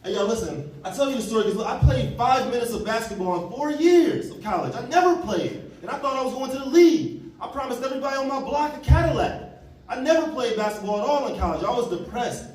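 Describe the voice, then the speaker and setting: A man, giving an animated motivational talk on stage and acting out the people in his stories. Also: very high-pitched, fast. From Chicago, USA. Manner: animated storytelling, acting out quotes. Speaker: community organizer and speaker. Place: large hall on stage. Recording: echoey hall, from far off, faint noise.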